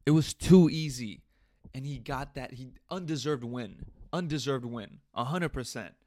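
A man's voice: medium pitch, measured pace, darkish tone. A young man hosting a podcast, ranting in a casual comedic monologue, swearing and laughing at himself, recorded on a studio mic. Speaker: podcast host. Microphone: studio mic through audio interface.

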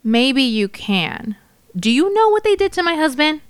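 A woman voicing a grieving widow who speaks slowly, coldly and cuttingly, pitched above her narrating voice. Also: sing-song, dry recording. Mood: bitter. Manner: slow, cold and cutting. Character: grieving, bitter widow, cold and angry.

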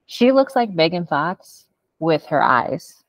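Blunt low-voiced woman host. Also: big pitch swings, slow, no echo, muffled recording. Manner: blunt, swears, frank opinions. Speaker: podcast host. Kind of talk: casual reality-show recap chat.

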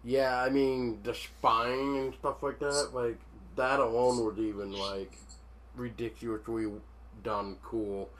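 A man's voice: medium pitch, flat delivery, slow pace, a bit bright. A man co-hosting a podcast in laid-back chat about a horror film, often trailing off mid-sentence. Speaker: podcast co-host. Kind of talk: casual chat.

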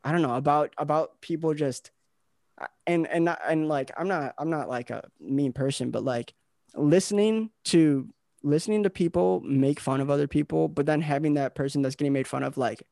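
Young man, podcast host, gravelly and dry, rambling easygoing chat. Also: a little high, moderate pace, dark tone, no room sound. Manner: rambling, laid-back, lots of filler words and dudes.

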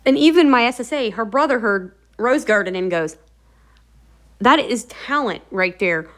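Chatty, encouraging woman with a higher voice. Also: moderate pace. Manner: chatty, animated storytelling with many fillers. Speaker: vlogger hosting a motivational series. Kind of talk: casual talk to camera.

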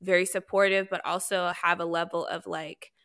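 Bright, expressive woman co-hosting a podcast. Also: on the low side. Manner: expressive, quick to laugh, quotes people. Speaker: podcast co-host. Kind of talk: casual chat.

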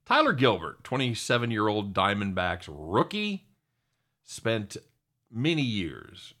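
Animated middle-aged man hosting sports talk. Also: fairly low pitch, slow pace. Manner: animated, excitable, addresses co-host by name often. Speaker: sports radio host. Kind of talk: sports talk show banter.

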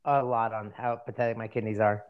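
A middle-aged man in an easygoing podcast chat. He tells laughing anecdotes in a relaxed, casual way. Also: fairly low pitch, a little fast, clear, resonant tone, phone-quality sound. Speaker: podcast co-host.

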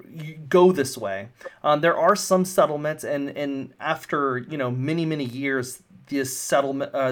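Rambling male game master. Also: mid-range voice. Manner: casual, rambling with many fillers. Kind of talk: narrating a tabletop game.

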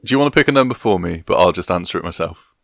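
Deep gravelly young man. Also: expressive, a bit bright. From England. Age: 20s. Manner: dry, joking, slow and rambling. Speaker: podcast co-host. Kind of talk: casual chat.

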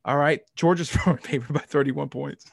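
A man with a slightly high voice rants with rising excitement in a casual sports podcast chat. The recording is dry and close, with no room sound. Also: normal speed, creaky, breathy edge, no echo. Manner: excitable, ranting, laughs easily. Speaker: podcast co-host.

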